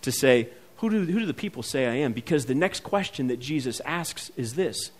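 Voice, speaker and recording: A man's voice: mid-range voice, animated, a little fast. A man preaching a sermon in a church, talking conversationally to the congregation. He acts out the voices in the passages and builds to emphatic peaks. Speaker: pastor. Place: church sanctuary.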